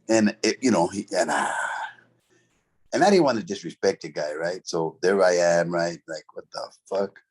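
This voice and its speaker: A man's voice: low voice, animated, moderate pace, darkish tone, slightly rough. A middle-aged man, telling a story from his past in a casual, profane, streetwise way, full of "bro" and "right?". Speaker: interview guest, former convict.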